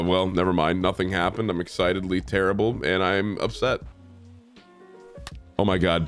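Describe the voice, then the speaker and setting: A young man with a stuffy cold, excitedly and profanely commentating his own baseball video game play, mocking players and yelling at the screen. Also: deep voice. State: congested from a cold. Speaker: gaming streamer. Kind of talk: casual gameplay commentary.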